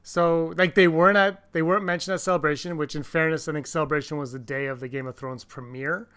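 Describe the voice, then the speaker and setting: A man co-hosting a casual podcast, talking excitedly with many restarts and acting out quotes in a raised voice. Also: fairly high pitch, quick pace, clear, resonant tone. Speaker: podcast co-host.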